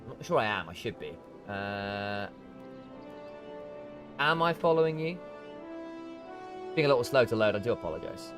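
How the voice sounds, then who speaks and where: Streamer muttering thru a game, pitch all over, soft game music under. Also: big pitch swings, normal speed, long pauses. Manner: chatty, thinking aloud, trailing off with fillers. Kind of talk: casual live gameplay chat.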